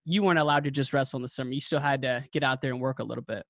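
A man hosting a casual interview, upbeat and quick to laugh. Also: medium pitch, fairly bright tone, dry recording, clean studio sound. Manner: upbeat, laughs easily, calls guest man and dude. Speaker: podcast host.

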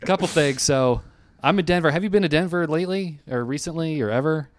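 A man's voice: on the high side, fast talker. A man from New York chatting casually on a remote call from a hotel room, joking, laughing often and trailing off with fillers. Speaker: comedian podcast host. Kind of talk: casual chat. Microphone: remote call with headphones.

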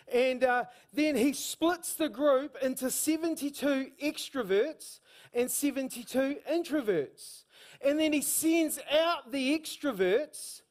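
A man with a New Zealand accent preaching a sermon, telling stories with energy and bursts of shouted emphasis. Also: extremely high pitch.

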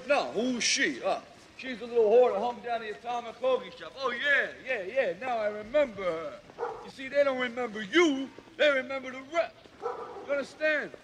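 Street-tough boxer, rough slang, rambling fatherly lectures; noisy film-clip sound. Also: sits high, fairly bright tone. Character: streetwise adult male boxer lecturing a young girl. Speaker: film character.

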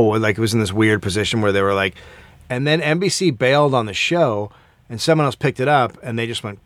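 A man co-hosting a podcast in casual comedic chat, profane and quick to mock other people's voices. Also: medium pitch, no echo. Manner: profane, animated, mocks voices in quotes. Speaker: podcast co-host.

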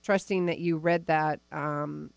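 A woman's voice: low voice, steady tone, slow pace, creaky, dry recording. A woman hosting a live spiritual talk radio show, bubbly and enthusiastic, chatting into a studio microphone. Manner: bubbly, enthusiastic, laughs often. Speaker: radio show host and psychic reader.

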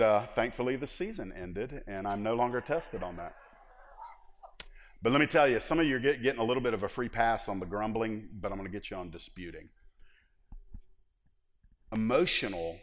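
A middle-aged man pastor preaching a sermon in a church, animated and humorous, acting out little scenes as he goes. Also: on the low side, moderate pace, long pauses, in a large hall.

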